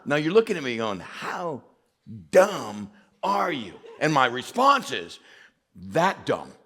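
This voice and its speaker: A man's voice: medium pitch, a bit bright. A man from West Texas preaching to a young adult church group, telling funny stories about himself and joking with the crowd. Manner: storytelling with self-mocking humor, often laughing. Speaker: pastor. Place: church meeting hall.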